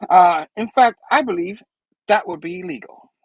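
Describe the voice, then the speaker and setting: A man's voice: sits high, normal speed, slightly rough, no echo, rough recording. A man voicing a stiff, formal middle-aged male boss in a casual comic recap.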